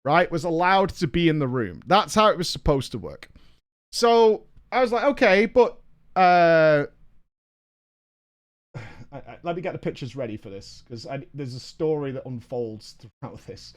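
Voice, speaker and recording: A man, a streamer telling a story in a casual, animated way, swearing and acting out what people said. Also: fairly high pitch, measured pace, long pauses. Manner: animated, swearing, acts out quotes.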